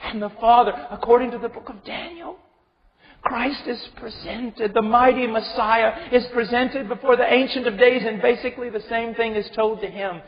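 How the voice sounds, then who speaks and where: A man preaching a sermon with passion, swinging from hushed tones to shouting. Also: extremely high pitch, normal speed. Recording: dull recording with long hall reverb.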